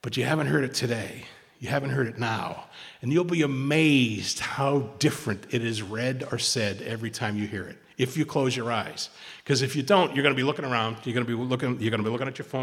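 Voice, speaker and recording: Man, recovery meeting share, rambling, stammered restarts, mid pitch, long hall reverb. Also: fast. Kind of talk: informal talk at a recovery meeting.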